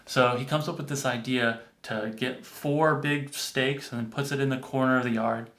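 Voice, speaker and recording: A man tells a story in a relaxed, chatty way, with plenty of filler words. His voice sits at a middle pitch, and the room around him has a clear echo. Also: normal speed. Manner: relaxed, conversational, many "like"s. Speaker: storyteller, energy-work reader. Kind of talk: casual storytelling. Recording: roomy echo.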